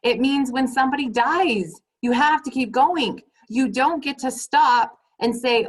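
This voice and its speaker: A woman's voice: high-pitched, moderate pace, poor audio. A woman leading her sales team on a motivational call. She talks emphatically, repeats her points and keeps turning to the listeners as "you guys".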